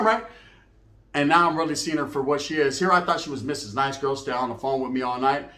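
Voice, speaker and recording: A man spins a comic bedtime story in loose street slang, forever tossing in "right?". His voice sits high for a man. The room around him is echoey. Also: a little fast, sharp tone. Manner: slangy, rambling, keeps asking "right?". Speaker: storyteller host.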